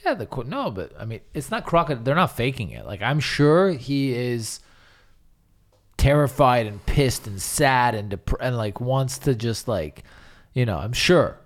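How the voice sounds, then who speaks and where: A man's voice: medium pitch, big pitch swings, unhurried. A man co-hosting a podcast in casual chat, blunt and emphatic, swearing freely. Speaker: podcast co-host.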